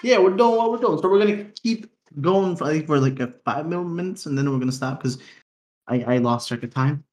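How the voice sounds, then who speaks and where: A man's voice: a little high, expressive, fairly quick, a little mellow. Laughing, slangy young man in a roomy room. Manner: laughs a lot, swears freely, rambling slangy talk. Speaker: podcast co-host. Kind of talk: casual unplanned podcast chat.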